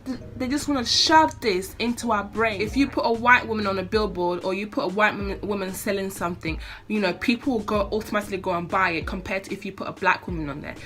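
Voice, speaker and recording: A young woman rants to her camera, her voice swooping high and low as she gets worked up. Her tone is bright and sharp, and faint music plays behind her. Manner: impassioned, swearing, fired-up ranting. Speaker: vlogger. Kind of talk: casual opinion rant to camera.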